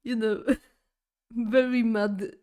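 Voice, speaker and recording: A woman with a fairly high voice tells a casual story to her stream chat at an unhurried pace. She talks in a chatty, exaggerated way and often stops and restarts her sentences. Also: steady tone, darkish tone. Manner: halting phrasing with fillers and restarts.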